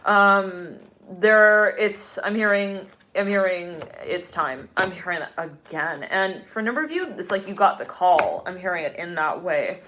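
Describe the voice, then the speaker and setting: A woman giving a live-streamed tarot reading. She talks in a chatty, exclamatory way, laughs often and breaks into sudden excited bursts. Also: on the low side, measured pace, a little hiss or hum. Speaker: tarot reader.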